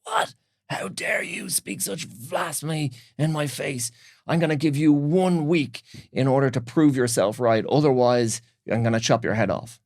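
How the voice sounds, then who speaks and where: A man's voice: deep voice, fairly even intonation, fast talker, creaky, hardly any pauses, fairly bright tone, no room sound, clean studio sound, full character voice. A man voicing an outraged ancient king while telling a story. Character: indignant ancient male king, bossy.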